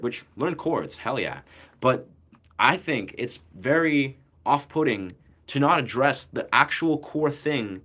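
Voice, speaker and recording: A young man talks music straight to his camera in a loose, slangy ramble. He circles his points with fillers and restarts. His voice sits in an ordinary middle pitch. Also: lively intonation, slow, sharp tone. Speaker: musician and content creator. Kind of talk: casual talk to camera about music.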